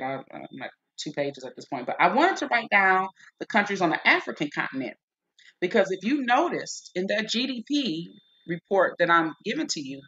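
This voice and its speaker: A woman's voice: low voice, fairly bright tone, dull audio. A woman hosting a live-stream explainer, working methodically through a list of figures with frequent checks of "okay?". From United States. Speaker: host.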